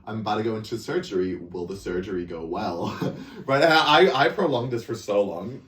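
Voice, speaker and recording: A young man co-hosting a casual podcast in a fairly low voice. He spins animated stories full of slang and free swearing. He sits back from the mic, and the room rings with echo. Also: moderate pace. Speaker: podcast co-host. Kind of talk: casual chat. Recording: echoey room, mic at a distance.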